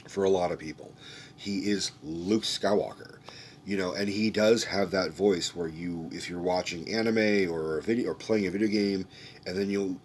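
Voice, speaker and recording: Brief: young man, low deep voice, loose and swearing, rambling movie-review rant, faint background noise. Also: moderate pace. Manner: rambling, profane, restarting sentences.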